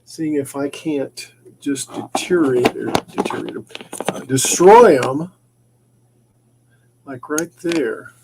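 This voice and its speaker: This man hosts a relaxed livestream from his maker shop, chatting as he works and frequently repeating himself or starting over. He has a gravelly mid-range voice, speaks slowly with frequent pauses, and there's background noise.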